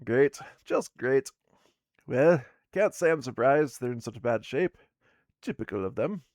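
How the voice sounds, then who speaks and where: A man's voice: mid-range voice, lively intonation, unhurried, darkish tone, no room sound. A man voicing a grumpy young female dwarf merchant, grumbling and impatient, while reading out a tabletop game. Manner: grumbling, impatient, put-upon. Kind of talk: reading game character dialogue aloud.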